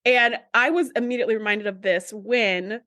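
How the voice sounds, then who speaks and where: A woman's voice: a little high, moderate pace, pushed and bright, no room sound, clean studio sound. A woman co-hosting a casual podcast, telling stories in a chatty way with laughter and playful quoted voices. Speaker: podcast co-host. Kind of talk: casual podcast chat and storytelling.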